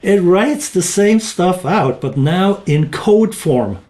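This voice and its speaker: A man with a slightly high voice talks through a software demo on screen. He thinks aloud and stops to correct himself now and then, in a loose and casual way. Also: lively intonation, slow pace. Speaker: tech tutorial presenter. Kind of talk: screen-recorded software walkthrough.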